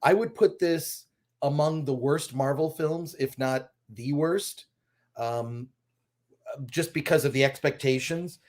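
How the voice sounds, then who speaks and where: A man's voice: on the high side, slow, darkish tone. A man appearing as a guest critic, giving blunt, considered film opinions in casual panel talk. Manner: blunt, critical, thoughtful with restarts.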